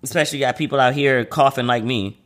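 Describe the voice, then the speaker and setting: Guy hosting his own podcast, just chatting, loose and slangy, keeps doing little voices for folks he quotes, middle pitch. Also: fast talker, fairly bright tone. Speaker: podcast host. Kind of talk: casual solo podcast chat.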